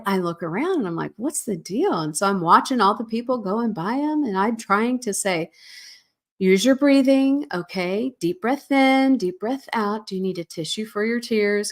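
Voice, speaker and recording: A woman hosting her own podcast, telling a personal story in an earnest, emotional way and laughing through the hard parts. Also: medium pitch. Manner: animated, shifts into soothing parent voice when quoting herself. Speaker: podcast host.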